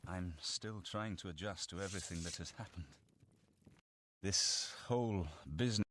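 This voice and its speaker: A subdued, reflective heir. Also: male voice, deep voice, normal speed, a bit bright. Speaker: game character.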